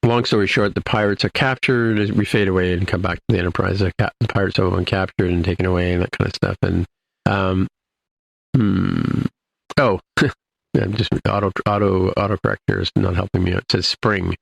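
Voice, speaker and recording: A man's voice: low-pitched, fairly even intonation, fairly quick, vocal fry, dry recording. A man co-hosting a podcast, casually recapping an episode in a rambling way, full of restarts and "you know". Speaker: podcast co-host.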